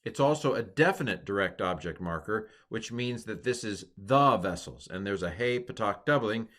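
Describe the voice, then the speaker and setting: Male teacher, low voice, patient quizzing tone, recorded lesson. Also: lively intonation, fairly bright tone. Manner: patient, quizzing tone with pauses for the learner.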